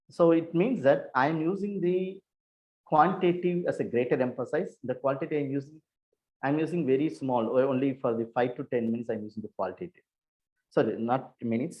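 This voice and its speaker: A man giving a university lecture on research methods over a video call. He explains in a halting, repetitive way and often corrects himself. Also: mid-range voice, a little mellow.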